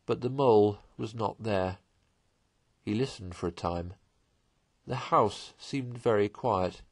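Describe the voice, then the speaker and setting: A man narrating a classic children's novel aloud in a measured, expressive way. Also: on the low side, no echo. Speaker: storyteller.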